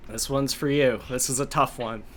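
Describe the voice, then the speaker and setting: A man's voice: medium pitch, steady tone, normal speed, a little hiss or hum. A man running a tabletop game on a live stream, explaining lore in a loose way with many fillers. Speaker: game master.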